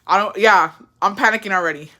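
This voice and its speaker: A young adult woman hosting a livestream reads viewer comments and chats casually, blunt, profane and playful, calling her viewers bestie. She talks fast at medium pitch, with a pushed, bright sound.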